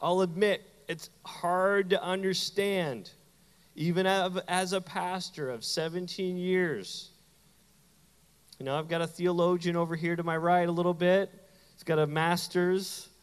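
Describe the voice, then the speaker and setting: Animated pastor preaching in a reverberant hall. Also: male voice, sits high, measured pace, smooth. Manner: animated, conversational preaching with playful asides. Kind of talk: sermon. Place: church sanctuary.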